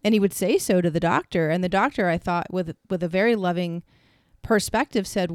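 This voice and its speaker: A woman in her thirties chats earnestly as a co-host, her voice smooth and resonant. The sound is close and dry, with no room around it. She rambles through her points with restarts and turns flustered when teased. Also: fairly low pitch, brisk, dry recording. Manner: earnest, reflective explaining with many restarts. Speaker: podcast co-host. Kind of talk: casual chat.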